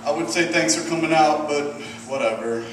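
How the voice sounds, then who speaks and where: A man in his thirties from Michigan doing a stand-up set, deadpan and profane with self-deprecating asides. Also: a little high, normal speed, heavy background noise. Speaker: stand-up comedian. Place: comedy club stage with audience. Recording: roomy distant club recording, loud ambience.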